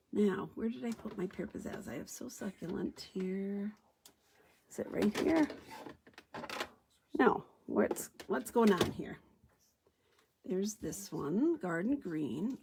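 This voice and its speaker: A woman's voice: lowish voice, creaky, a little mellow, slightly rough. A woman giving a chatty card-stamping tutorial, thinking aloud as she works. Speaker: stamping demonstrator. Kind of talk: craft tutorial demo.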